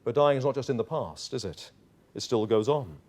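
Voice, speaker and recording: A man's voice: mid-range voice, lively intonation, brisk, a little mellow. A male pastor preaching a sermon in church, emphatic and acting out little dialogues.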